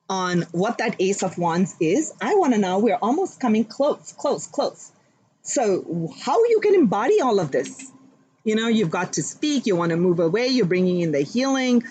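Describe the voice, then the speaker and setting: A woman's voice: medium pitch, a little mellow, a little hiss or hum, low-quality recording. Woman doing a live tarot reading, chatty and gushy, keeps talking right to the viewers. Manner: gushing, affirming spiritual encouragement; chatty, addresses viewers directly. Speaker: tarot card reader.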